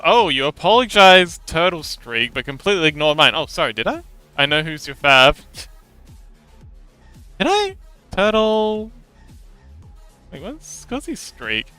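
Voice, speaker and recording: A man's voice: on the high side, sharp tone, clear, resonant tone, no echo. A male livestream host reading viewer messages aloud and chatting back in a playful, casual way. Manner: chatty and playful, laughs often between remarks.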